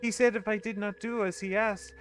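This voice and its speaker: A man reading out a young woman's dialogue from a game as she calmly confesses, in a plain and formal manner. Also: high voice, brisk, faint music behind, voice pushed up, close to an everyday voice. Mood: pleading. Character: scheming young woman confessing, calm and polite.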